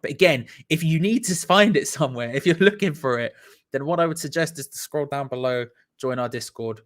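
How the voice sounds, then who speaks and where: A man's voice: on the high side, a little fast, a bit bright. Upbeat man hosting live stream. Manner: upbeat, chatty, reading out viewers' comments. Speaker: host.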